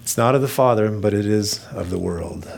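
A man's voice: fairly low pitch, moderate pace, gravelly. A middle-aged man preaching a sermon in a conversational, jokey way, slipping into mimicked voices for asides. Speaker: pastor.

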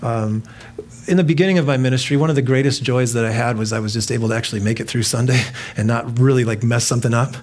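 A male pastor preaching with a slightly husky, breathy voice at an ordinary pitch. He keeps it relaxed and conversational, dropping playful quoted asides into the sermon. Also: fast talker. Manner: casual, jokey preaching with laughs and quoted asides.

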